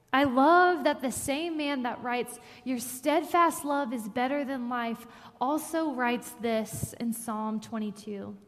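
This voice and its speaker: A woman preaching a sermon, telling a personal story in an earnest way that builds to emphatic scripture reading. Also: sits high. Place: church sanctuary. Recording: long hall reverb.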